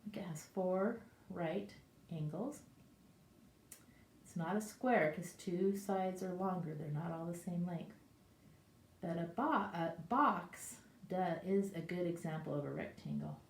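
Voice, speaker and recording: A woman as a preschool teacher reading a picture book to young children and asking them questions, in an animated way. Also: on the low side, measured pace, slight background noise. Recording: echoey room.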